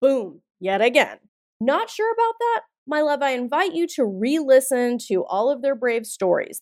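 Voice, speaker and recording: This podcast host is a woman in her forties with a high, darkish voice, delivering motivational talk that's emphatic, blunt and punchy, with lots of swearing. It's a dry studio recording with faint music in the background.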